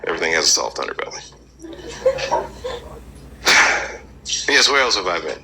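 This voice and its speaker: A man's voice: deep voice, very animated, normal speed, very noisy. A man doing a stand-up routine, telling loose stories and chatting with the crowd. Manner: loose storytelling with crowd work. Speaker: stand-up comedian. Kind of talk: stand-up routine played in a reaction video.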